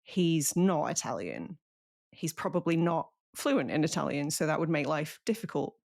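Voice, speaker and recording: A woman's voice: low-pitched, lively intonation, normal speed, creaky, darkish tone. A woman co-hosting a film podcast, talking casually in a wry, blunt way and laughing often. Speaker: podcast co-host. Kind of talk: casual film review chat.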